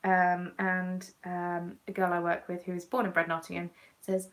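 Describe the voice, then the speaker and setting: A woman's voice: lowish voice, monotone, normal speed, a bit bright. A woman in her twenties with a Southern English accent, chatting casually while she knits and answers comments from viewers, self-mocking in tone. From southern England. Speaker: craft vlogger. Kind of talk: casual chat while knitting.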